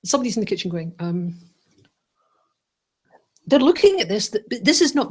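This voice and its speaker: A woman teaching a Buddhist class, playful and animated, often checking in with "right?" and "yes?". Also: a little high, measured pace, long pauses, slightly rough.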